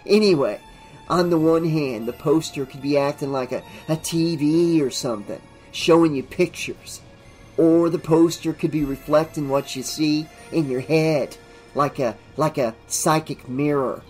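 A man's voice: measured pace, darkish tone, soft background music, close to an everyday voice. A man voicing a strange young man who is darkly amused and turns sinister. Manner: darkly amused, drifting into sinister low tones.

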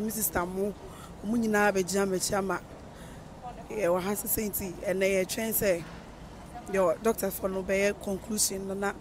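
A speaker from Ghana, a family member, recounting events to a reporter in a halting, soft-spoken way, mixing in English terms. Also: mid-range voice. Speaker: family member of the deceased, interviewee. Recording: outdoor street noise with passing vehicles.

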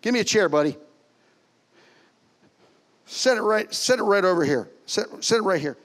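High-voiced pastor preaching animatedly. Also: male voice, moderate pace. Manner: animated, swings from loud exclamations to soft near-whispers. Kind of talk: sermon. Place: church sanctuary.

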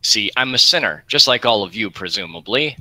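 A man's voice: lowish voice, lively intonation, fairly quick, bright, forceful tone, no echo, voice pushed up. A man voicing a cheeky, mocking halfling woman in a tabletop game. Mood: teasing. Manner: teasing, mocking. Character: cheeky short halfling woman in leather armor.

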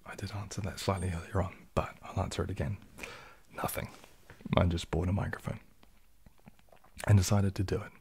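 A man hosting a casual late-night ASMR livestream, chatting softly and reading viewers' questions aloud, rambling in a relaxed way and sometimes dropping into a whisper. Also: sits low, a little fast, long pauses, slight background noise. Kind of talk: casual soft-spoken livestream chat.

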